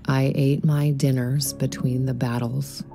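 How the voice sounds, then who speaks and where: A woman reads a poem in an extremely deep, gravelly voice. Her delivery is flat, solemn and very slow, and she sounds dark and mellow. Faint music plays underneath. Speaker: poetry reader. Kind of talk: slow poetry reading.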